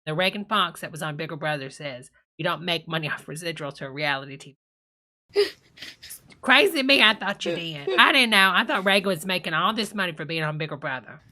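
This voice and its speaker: Brief: woman host, sassy reaction comedian, bright edge, endearments everywhere. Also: fairly low pitch, expressive, a little fast. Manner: sassy, calls everyone honey. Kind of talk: comic reaction commentary.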